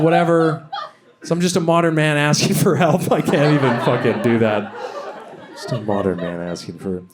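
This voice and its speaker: A young man from Canada working a stand-up set, his talk rambling and halting and full of fillers. His voice sits fairly high for a man. A faint hiss of noise runs under him. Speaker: stand-up comedian. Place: comedy venue with a laughing audience.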